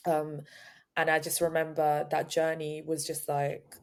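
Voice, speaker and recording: A young woman co-hosting a podcast, talking in a halting, casual way with many restarts. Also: sits low, completely flat delivery, clean tone. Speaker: podcast co-host. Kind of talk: casual chat.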